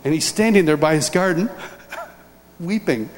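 Guy with a high voice telling a funny story to a crowd, acts stuff out, echoey big room. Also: unhurried, a little hiss or hum. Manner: animated, acts out scenes and voices. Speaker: speaker telling a personal testimony. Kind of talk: humorous storytelling talk. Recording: large hall reverb, faint ambience.

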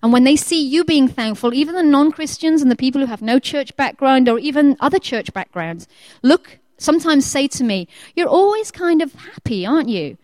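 A woman preaching a sermon, lively and conversational, who acts out the prayers of the people she talks about. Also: sits high, fairly quick, no echo. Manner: lively, acts out quoted prayers in changing voices.

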